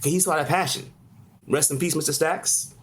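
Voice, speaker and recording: A man's voice: on the high side, normal speed, husky. Rambling chef in his forties. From Charleston, South Carolina. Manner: rambling, lively, lots of "you know". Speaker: chef, interview guest. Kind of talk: casual interview storytelling.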